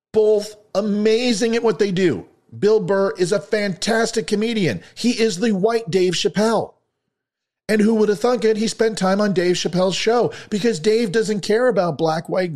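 A man giving an opinion commentary monologue, sarcastic and ranting, swinging between loud lines and muttered asides. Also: high voice. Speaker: online commentator.

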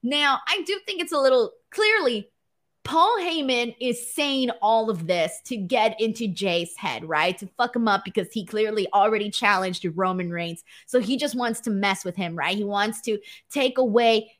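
A young woman hosting a wrestling post-show, chatting casually and reading viewer comments, excitable and laughing often. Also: fairly high pitch, moderate pace. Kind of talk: casual solo commentary reading live chat.

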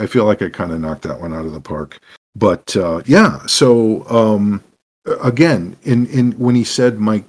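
A man, a game master and podcast guest, telling stories in a rambling, animated way full of restarts and asides. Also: fairly low pitch, husky.

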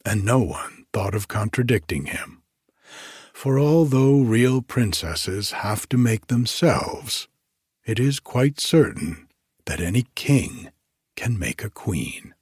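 A man narrating a fairy tale in a calm, measured storybook reading. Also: fairly low pitch, husky, no echo. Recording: faint music under dry voice.

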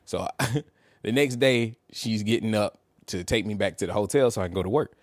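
A man's voice: lowish voice, moderate pace, dry recording. A man, co-hosting a podcast and telling a casual story, laughing and acting out what people said. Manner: animated, laughing, acts out quotes. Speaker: podcast co-host.

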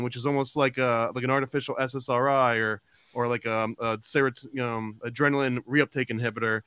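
Podcast host, man, smooth resonant voice, dry close sound, rambling questions. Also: medium pitch, fairly even intonation, fairly quick, hardly any pauses, fairly bright tone, no room sound. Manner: rambling questions with many fillers. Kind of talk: podcast interview.

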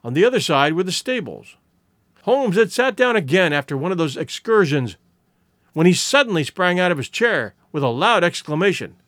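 A man narrating a story in an expressive audiobook reading. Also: high voice, normal speed, dry recording, clean studio sound.

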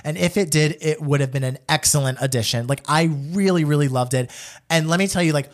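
A young man co-hosting a casual podcast, gushing enthusiastically with lots of fillers. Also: on the high side. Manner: gushing, rapid and animated, many fillers. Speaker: podcast co-host. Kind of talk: casual chat.

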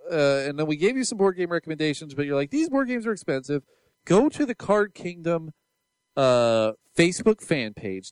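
Animated, smooth-voiced man co-hosting a podcast. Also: on the high side, no room sound. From Seattle area. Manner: enthusiastic, rambling with fillers and restarts. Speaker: podcast co-host. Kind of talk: casual podcast chat.

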